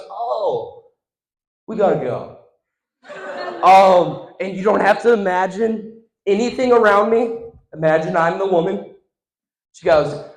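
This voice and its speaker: A young man doing stand-up, telling an animated story and acting out the other people in it. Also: high voice. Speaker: stand-up comedian. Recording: echoey room.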